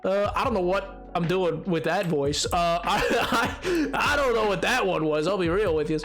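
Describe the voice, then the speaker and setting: A male streamer chatting casually with his viewers while playing, quick and a little defensive in his banter. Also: high voice, lively intonation, over music. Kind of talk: casual gameplay chat reading chat.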